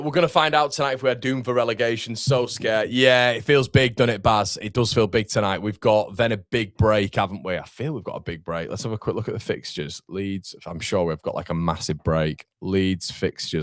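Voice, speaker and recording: A man's voice: on the low side, fairly even intonation, normal speed, no room sound, studio quality. A young man hosting a live football watchalong, chatting casually and reading out viewer comments. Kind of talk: casual live-stream chat. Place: home room.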